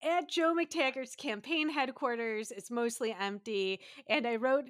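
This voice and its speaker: A young adult woman cohosting a podcast, recapping an episode in casual, jokey chat with quick asides. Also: high-pitched, animated, no echo, clean studio sound.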